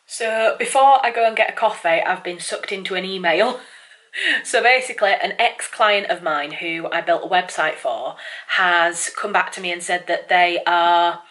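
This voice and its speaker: A woman's voice: fairly low pitch, moderate pace, a bit bright. A woman, a writer, chatting casually to camera in a vlog, rambling with lots of fillers and sounding a bit apologetic. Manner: apologetic and self-conscious toward viewers. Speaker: writer and vlogger.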